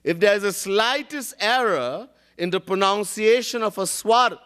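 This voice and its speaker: High-voiced man telling a scripture story. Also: expressive, normal speed, a bit bright, clean tone. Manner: storytelling with chanted Sanskrit verses; laughs often while teaching. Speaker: spiritual teacher. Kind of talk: devotional discourse.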